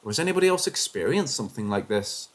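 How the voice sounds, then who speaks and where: Man narrating ghost stories, lively pitch. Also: quick pace. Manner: expressive storytelling, shifting pitch with suspense. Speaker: story narrator. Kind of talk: scripted narration of paranormal stories.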